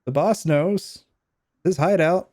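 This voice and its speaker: A man's voice: on the high side, slow pace, warm tone, voice pushed up. A man voicing a captured hired thug who gives short, evasive answers. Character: surly hired thug captive, male adult.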